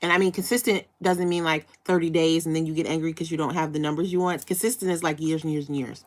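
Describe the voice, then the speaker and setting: Young woman livestream host, lowish voice, bubbly and chatty. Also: fast talker. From United States. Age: young adult. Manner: bubbly, chatty, breaks into excited high squeals. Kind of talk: casual livestream chat with viewers.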